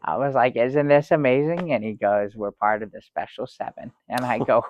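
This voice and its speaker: A man playing an excitable talk show guest in an improvised comedy sketch, rambling and halting, breaking into theatrical exclamations. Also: mid-range voice, dry recording, muffled recording, natural voice. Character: fussy excitable man telling a travel story. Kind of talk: improvised comic storytelling.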